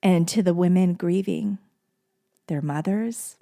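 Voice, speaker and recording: Slow, gentle-voiced woman podcast host. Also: fairly low pitch, vocal fry. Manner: gentle, soft-spoken, tender, repeats phrases for emphasis. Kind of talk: heartfelt solo podcast monologue.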